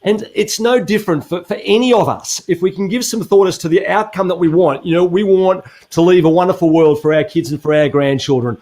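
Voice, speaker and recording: An Australian motivational speaker talks earnestly in a webinar conversation, posing rhetorical questions. His voice is high and a little mellow, fairly quick, with hardly any pauses.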